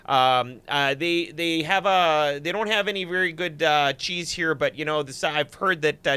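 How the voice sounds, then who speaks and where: A man's voice: fairly high pitch, pushed and bright, clear, resonant tone, no echo. A man voicing a folksy, chatty small-town guy with a thick northern Wisconsin accent. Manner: exaggerated folksy drawl, chatty storytelling. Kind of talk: comic put-on accent on a livestream.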